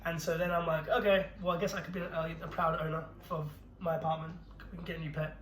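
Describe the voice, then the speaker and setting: A young man rattles through a story at high speed in a slightly raised voice, swearing and laughing as he goes. He co-hosts a casual podcast, and the room gives his voice a noticeable echo with a little background noise. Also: level tone, fast. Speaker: podcast co-host. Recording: roomy echo with faint noise.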